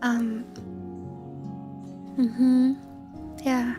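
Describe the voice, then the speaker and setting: Woman streamer, high and unhurried voice, giggly chat with viewers, soft music behind. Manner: giggly, greets chatters by name. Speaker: VTuber streamer. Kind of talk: casual livestream chat.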